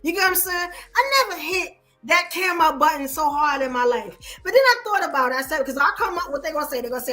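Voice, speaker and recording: A woman's voice: sits high, fast talker, few pauses, faint music behind. A woman from Brooklyn with a New York accent, hosting a podcast in casual, emphatic chat. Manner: animated, emphatic storytelling with repeated "you get what I'm saying". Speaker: podcast host.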